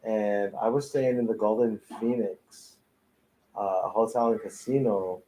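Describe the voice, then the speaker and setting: A man with a somewhat low, dark and mellow voice tells stories from his life as a tattoo artist. He talks casually and profanely, laughing often as he goes. He is recorded in a tattoo studio. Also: fairly even intonation, a little slow, slight background noise, rough recording. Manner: profane, laid-back, laughing storyteller. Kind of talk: casual storytelling chat.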